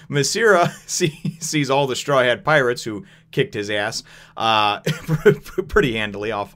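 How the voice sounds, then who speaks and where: A man's voice: lowish voice, a bit bright. A young adult man casually recapping a manga chapter, rambling with lots of fillers and chuckles.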